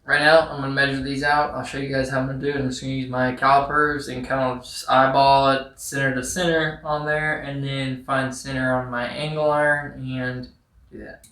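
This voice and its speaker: A man with a flat, level delivery walks through a repair job in a casual how-to style, filling his talk with "like" and "um." His voice bounces around an echoey garage workshop. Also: mid-range voice, fairly quick, distant mic. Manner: rambling, many fillers like "like" and "um". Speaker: YouTuber restoring a truck.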